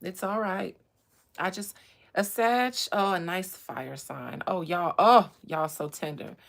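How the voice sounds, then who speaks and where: A woman hosting a casual chat about astrology and gossip, animated, swinging from low murmurs to loud bursts. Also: slow, gravelly. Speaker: host.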